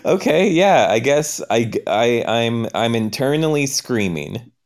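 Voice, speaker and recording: A man's voice: medium pitch, expressive. A man playing along in an improvised story game, narrating his own actions with hesitant restarts and questions. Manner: halting, questioning, self-narrating. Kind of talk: improvised role-play.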